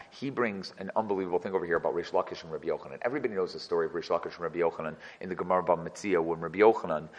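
Guy teaching a text class fast, lowish voice, reads a verse then explains it, long reverb around him. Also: fairly bright tone. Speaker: Torah teacher.

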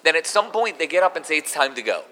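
A man teaching a Torah class in an animated way, mixing in Hebrew terms. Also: on the high side, quick pace, big-room sound, a little hiss or hum. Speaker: rabbi giving a Torah class.

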